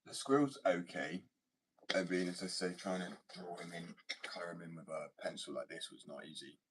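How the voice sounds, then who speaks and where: A man's voice: deep voice, moderate pace. A young man rambling casually and swearing, often dropping to a whisper. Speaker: vlogger. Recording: far from mic, faint noise.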